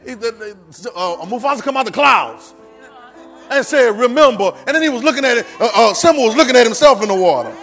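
Male pastor, quite high for a man, preaching with call-and-response, soft asides that build to shouts, faint music underneath. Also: lively intonation, fairly quick. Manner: swings from soft, low asides to loud, shouted exhortations; repeats phrases and restarts, urging the congregation to repeat after him. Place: church service.

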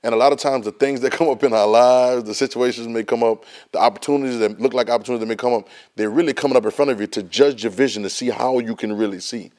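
A man's voice: medium pitch, quick pace, few pauses, darkish tone. A man teaching a Bible study class, emphatic and folksy, often repeating words as he restarts a thought. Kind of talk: Bible study lesson, preaching.

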